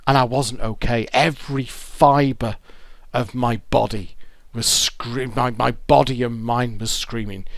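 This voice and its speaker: A man speaks to camera outdoors beside a road, telling a raw, confessional story full of swearing and stumbling restarts. His voice sits at an ordinary middle pitch. The sound is dry and close, with no room echo. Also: steady tone, creaky. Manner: raw, emotional, sweary, halting with repeated words.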